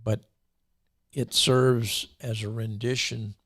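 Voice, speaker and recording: A man hosting a show, reading scripture aloud with commentary in a deliberate way, slowing down and repeating key lines. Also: mid-range voice, flat delivery, a bit bright, dry recording, clean studio sound. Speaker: show host and preacher.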